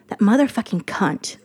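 A woman chats about her job in a loose, animated way. She swears freely and slips into quick voices for the people in her story. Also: medium pitch, a little hiss or hum. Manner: animated, profane, quotes others in lively voices. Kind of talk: casual storytelling chat.

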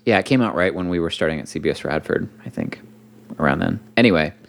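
A man hosting an interview, easygoing, with short, relaxed replies. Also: sits low, fast, creaky. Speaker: podcast host. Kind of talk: casual interview talk.

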